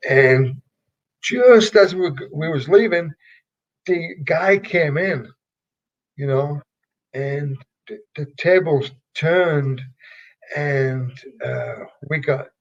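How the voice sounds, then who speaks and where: An older man from England, a former wrestler telling stories in an interview, halting and rambling with many fillers. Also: fairly high pitch. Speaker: retired pro wrestler, guest. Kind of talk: casual interview storytelling. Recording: dull lo-fi recording.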